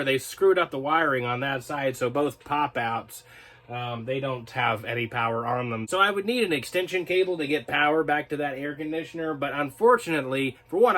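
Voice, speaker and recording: A man's voice: mid-range voice, fairly bright tone. A man hosting his own video channel, reading viewer comments and rambling in a casual, chatty, self-mocking way. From North Carolina, US. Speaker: video host.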